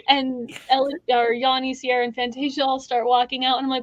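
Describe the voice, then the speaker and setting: High-voiced woman telling a story. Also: flat delivery, a little fast, lo-fi sound. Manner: laughing, swearing storyteller. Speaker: podcast host. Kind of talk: casual chat.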